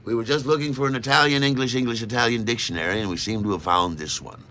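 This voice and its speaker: A man playing a gracious, dryly witty elderly gentleman who speaks in a courteous, measured way. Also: mid-range voice, a little hiss or hum, lightly acted. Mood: polite. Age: older.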